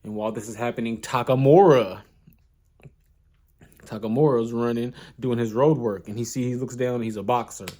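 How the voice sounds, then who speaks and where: A man's voice: medium pitch, steady tone, moderate pace, warm tone. Rambling, slangy young man retelling a story. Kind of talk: casual retelling of an anime.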